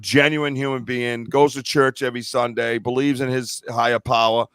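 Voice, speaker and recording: A man's voice: mid-range voice, little pitch movement, normal speed, fairly bright tone, clear, resonant tone, dry recording. Middle-aged male podcast host, heartfelt and emotional, dry close recording. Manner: emotional, choked up, earnest. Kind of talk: casual podcast chat.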